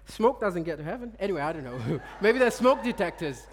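Very high-voiced man preaching in a reverberant hall. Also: big pitch swings, brisk. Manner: chuckles often, repeats words while storytelling. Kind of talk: sermon with personal stories. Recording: long reverb of a large hall.

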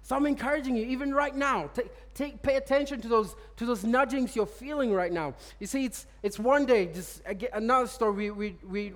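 A man with a strikingly high voice delivers a storytelling sermon, chuckling often and stumbling over repeated words. His voice rings out with a long reverb, as if filling a large church hall. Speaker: preacher. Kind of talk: sermon with personal stories.

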